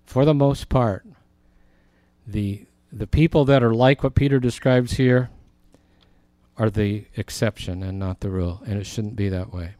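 A male pastor gives an earnest Bible teaching, his voice mellow and warm. He reads scripture lines with lifted emphasis, and the sound is close and dry with no room around it. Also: on the low side, a little slow, no room sound.

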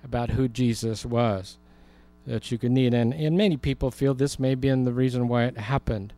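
A man's voice: mid-range voice, steady tone, normal speed, mellow, faint music behind. A man preaching a Bible teaching sermon in a conversational way, with humorous asides. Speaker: pastor.

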